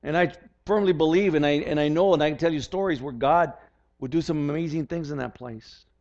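An older pastor preaches earnestly, often repeating words as he starts his sentences over. His voice is a little high, fairly quick and slightly mellow, captured in a dull, lo-fi recording.

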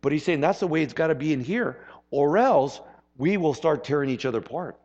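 A man preaching a sermon as pastor, conversational and animated, with rhetorical questions and calls for an amen. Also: on the high side, a little fast, lo-fi sound.

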